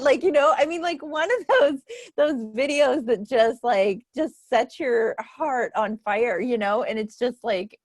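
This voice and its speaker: A woman's voice: high-pitched, moderate pace, no echo. Chatty, laughing woman with a dry close sound. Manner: chatty storyteller who laughs often. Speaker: book club host. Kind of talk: casual chat.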